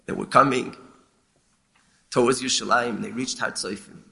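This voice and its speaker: Halting, gravelly male rabbi teaching. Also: medium pitch, fairly even intonation, pushed and bright. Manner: measured and halting, with repeated words. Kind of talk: explaining a lament text, mixing Hebrew terms.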